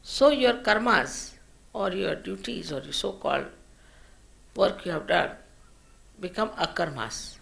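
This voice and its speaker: A woman teacher giving a slow, measured spiritual lecture at a public program, her phrases trailing off softly. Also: fairly low pitch, creaky. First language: Marathi.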